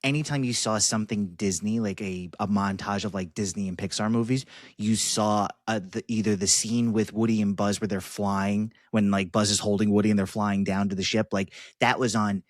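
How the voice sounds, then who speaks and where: A young man co-hosting a movie podcast in casual chat, telling stories in an animated way. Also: lowish voice, moderate pace, no room sound, clean studio sound. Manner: animated storytelling with playful voice impressions. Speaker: podcast co-host.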